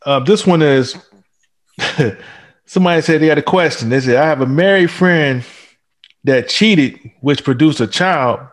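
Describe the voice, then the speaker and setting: Relaxed man hosting a panel chat. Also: on the high side, unhurried, pauses often. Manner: relaxed, agreeable, lots of fillers while reading viewer questions. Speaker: host.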